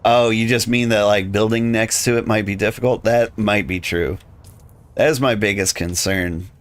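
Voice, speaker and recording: A man's voice: lowish voice, normal speed. A man chatting casually and rambling while streaming a game, his voice tired and wearing thin, with lots of filler words. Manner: rambling, relaxed, many "like" fillers. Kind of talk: casual live-stream chat while playing.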